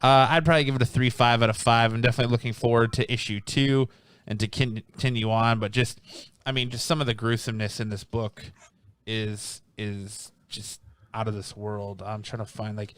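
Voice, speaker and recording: Guy doing comic reviews, smooth clear voice, dry sound, lots of ums and restarts. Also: mid-range voice, flat delivery, brisk, a bit bright, no echo. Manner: rambling, restarts often, many ums. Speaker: comic book reviewer, podcast host. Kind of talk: casual review chat.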